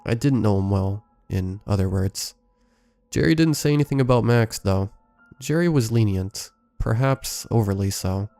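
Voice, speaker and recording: Low gravelly guy reading creepy stories, steady and measured, soft music in back. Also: no room sound. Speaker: storyteller. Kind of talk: scripted horror story narration.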